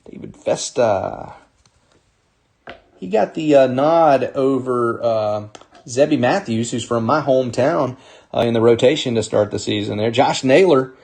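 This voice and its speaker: Upbeat husky man hosting a card break. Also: medium pitch, a little slow, a little mellow. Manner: upbeat, calls out names and teams while opening packs. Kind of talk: live card break commentary.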